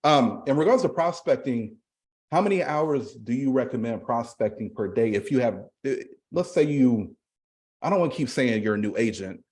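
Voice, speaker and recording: A man's voice: medium pitch, animated, moderate pace, a little mellow. A man hosting a casual podcast chat, agreeable, with lots of short affirmations. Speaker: podcast host.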